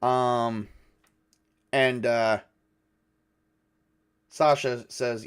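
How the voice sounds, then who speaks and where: A man narrating a solo tabletop game, rolling dice and thinking aloud in a halting way with many fillers. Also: medium pitch, clear, resonant tone. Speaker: game master.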